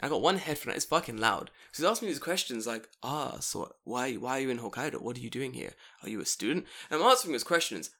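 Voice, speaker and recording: A man telling a profane, animated story in casual chat among friends. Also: mid-range voice, fast, hardly any pauses. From foreigner living in Japan.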